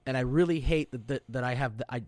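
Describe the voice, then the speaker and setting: A man hosting a podcast, telling loud, profane stories in a casual chat. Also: mid-range voice, quick pace, dry recording. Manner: loud, profane, animated storyteller. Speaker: podcast host, serving sailor.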